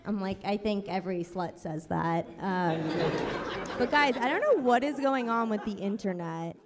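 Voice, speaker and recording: A woman's voice: medium pitch, animated. New York woman comic, self-mocking stand-up delivery, live room with noise behind. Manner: quick, sarcastic, self-deprecating. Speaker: stand-up comedian. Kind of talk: stand-up set. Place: comedy club stage, audience laughing. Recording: live club recording, long reverb, audible noise.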